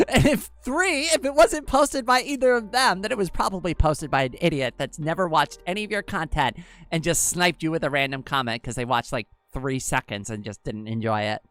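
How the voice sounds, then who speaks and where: Her low, slightly bright voice sounds androgynous, and she speaks at normal speed with no room sound. The young woman hosts a casual livestream, answering chat and rambling on with plenty of fillers.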